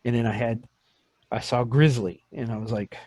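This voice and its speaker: A man's voice: medium pitch, normal speed, breathy edge, no echo. A man in his fifties hosting a podcast, telling stories in casual chat and acting out quotes. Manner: animated storyteller, acts out quotes. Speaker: podcast host.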